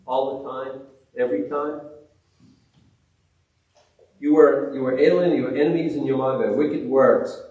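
A man preaching with restless energy, jumping from loud exclamations to quiet, reverent hushes and tripping over his own restarts. He sounds distant from the mic, and heavy echo fills the room. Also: mid-range voice, steady tone, measured pace, long pauses, highs cut off. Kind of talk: sermon.

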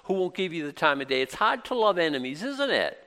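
A man's voice: fairly high pitch, big pitch swings, fast talker, sharp tone, big-room sound. A middle-aged man preaching a sermon in a conversational way, with plenty of rhetorical questions and repeated phrases.

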